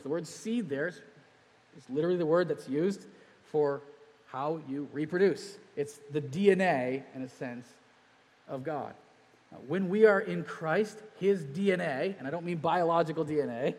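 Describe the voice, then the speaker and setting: Male pastor, earnest sermon delivery, higher pitch, long church reverb. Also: darkish tone. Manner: earnest preaching with pauses and restarts. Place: church sanctuary.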